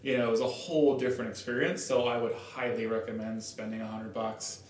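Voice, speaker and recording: Man, relaxed matter-of-fact chat, mid-pitched voice, off-mic, roomy echo, faint rumble. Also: fairly quick, distant mic. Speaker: guest, partner of the storyteller. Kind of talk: casual chat.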